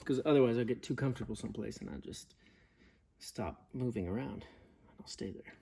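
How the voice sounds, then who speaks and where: A man's voice: medium pitch, fairly quick, creaky, background noise. A man vlogging in a casual, rambling way, joking around and trying out playful accents. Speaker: travel vlogger. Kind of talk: casual vlog chat.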